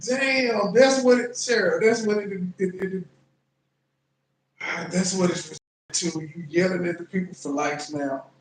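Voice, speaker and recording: A man's voice: high-pitched, unhurried, roomy sound, slight background noise, rough recording. A man hosting a reaction commentary, talking bluntly and mockingly about a clip he plays. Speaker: commentary channel host.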